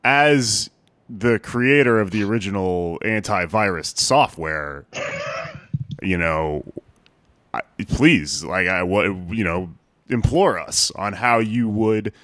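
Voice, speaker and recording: A male podcast host asks mock-earnest questions in a low, deadpan voice. His sound is dry and close. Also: slow, no room sound. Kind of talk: casual podcast chat.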